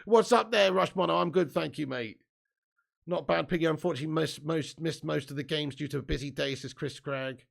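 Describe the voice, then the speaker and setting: A man's voice: fairly high pitch, brisk, gravelly. A man hosting a live football watch-along, commenting on play and casually reading viewer comments aloud with plenty of swearing.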